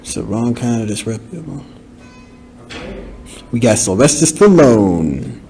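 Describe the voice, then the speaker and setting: Podcast guy doing a laid-back movie commentary, slow and jokey, voice all over the place pitch-wise. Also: big pitch swings, warm tone, faint music behind. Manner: joking, chatty asides. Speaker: podcast host.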